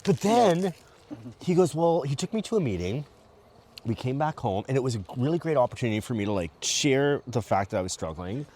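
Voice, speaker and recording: A man, a podcast guest, telling candid personal stories while walking outdoors at night by a lake, animated and acting out what others said. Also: medium pitch, a little fast. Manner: open, animated storyteller who acts out quotes.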